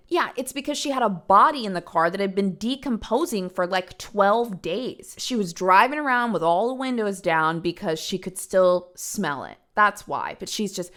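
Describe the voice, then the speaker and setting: A woman's voice: mid-range voice, animated, normal speed, few pauses, a bit bright. A young adult woman hosting a podcast, telling a true-crime story casually and emphatically, swearing now and then. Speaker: podcast host.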